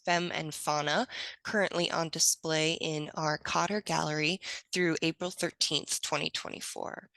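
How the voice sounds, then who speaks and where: A woman hosting an artist talk, reading a measured introduction and asking questions. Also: fairly low pitch, vocal fry, sharp tone, no echo, low-quality recording. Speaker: gallery host interviewer. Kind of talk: scripted introduction then interview questions.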